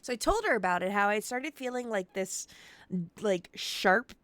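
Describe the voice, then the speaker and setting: A woman in her forties chatting casually on a game stream, telling stories in an animated, playful, self-mocking way. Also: medium pitch, moderate pace, dry recording. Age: 40s.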